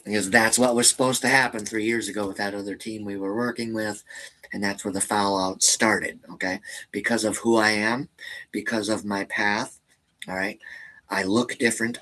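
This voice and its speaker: A man's voice: fairly low pitch, a bit bright, rough recording. A man hosting a casual live stream, rambling to viewers and often tagging his sentences with "all right?". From American Midwest. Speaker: channel host.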